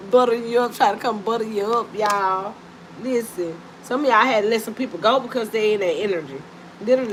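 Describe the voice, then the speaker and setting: A woman doing a casual live-stream card reading, talking to her viewers in an animated, teasing and profane way and breaking into frequent laughter. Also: on the high side. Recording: steady background noise.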